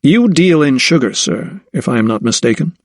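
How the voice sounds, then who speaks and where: A man's voice: medium pitch, expressive, moderate pace, dry recording, studio quality. A man voicing a pompous, jovial Georgian merchant with a raised voice, in an audiobook. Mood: gleeful. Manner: jovial, then scolding.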